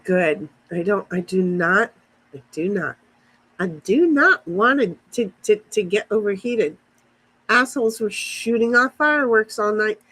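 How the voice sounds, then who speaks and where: A woman's voice: medium pitch, animated, unhurried, a bit bright, low-quality recording. A woman chatting casually outdoors to viewers on a livestream, rambling as she answers comments from her chat on a phone. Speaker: livestream host. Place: outdoors in a backyard.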